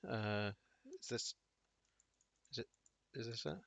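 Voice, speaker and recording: A man's voice: medium pitch, slow, vocal fry, fairly bright tone, no room sound. A man streaming a game, making wry, chatty asides and thinking aloud as he plays. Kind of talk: casual live gameplay commentary. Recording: dull dry home audio.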